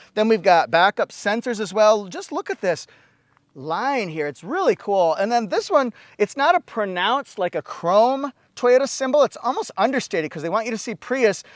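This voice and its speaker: A man giving an excitable car review walkaround, often exclaiming as he points out features. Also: high-pitched, moderate pace, no room sound.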